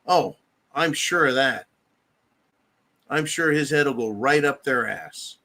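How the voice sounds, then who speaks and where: A U.S. political commentary host reads viewer comments during a livestream, launching into an angry, blunt, profanity-laden rant. He speaks in a mid-range voice, a little slowly, with long pauses and a sharp tone.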